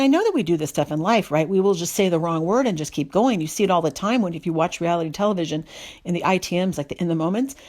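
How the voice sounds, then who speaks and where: Exasperated woman telling a rant. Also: fairly low pitch. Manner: animated, exasperated, self-deprecating. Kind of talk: casual storytelling rant.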